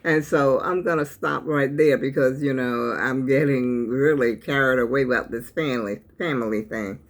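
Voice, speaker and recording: A woman's voice: extremely low pitch, moderate pace. Older woman giving a heartfelt talk. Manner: preachy, emotional, addresses viewers as y'all. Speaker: channel host.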